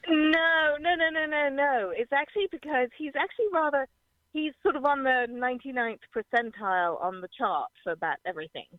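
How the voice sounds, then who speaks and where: A woman's voice: sits high, fairly quick, no echo. Older woman, English accent, chatty caller, laughs a lot, thin phone line sound. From London. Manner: chatty, laughs often, trails off mid-sentence. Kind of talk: radio call-in chat.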